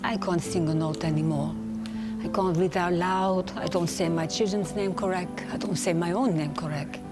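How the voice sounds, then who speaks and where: A woman in her fifties from England whose speech has a foreign-sounding accent like Polish or Russian, speaking slowly and with effort, grammar sometimes broken, as she tells her own story. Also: fairly low pitch, steady tone, big-room sound, over loud music. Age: 50s. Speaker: interviewee. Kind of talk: personal testimony.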